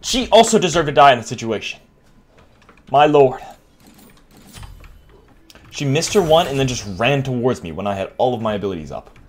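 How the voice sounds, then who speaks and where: A man's voice: medium pitch, expressive, normal speed, long pauses, a little hiss or hum. Ranting, swearing young man gamer. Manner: exasperated, swears a lot, ranting. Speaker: gaming streamer. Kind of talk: gameplay commentary.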